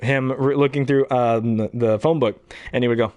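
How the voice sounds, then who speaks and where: A man's voice: mid-range voice, fairly even intonation, moderate pace, a little mellow, no echo. A young man casually chatting between impressions, rambling and hesitant with many fillers. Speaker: hobby voice actor.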